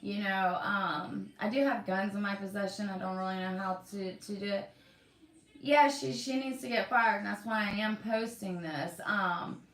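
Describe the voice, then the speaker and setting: An older woman with a drawl rants bluntly about a grievance, swearing freely as she talks. Her voice sits at a middle pitch. She sounds a little distant from the mic in a roomy space at home. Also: a bit bright. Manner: blunt, profane, venting. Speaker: vlogger. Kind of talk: angry ranting vlog.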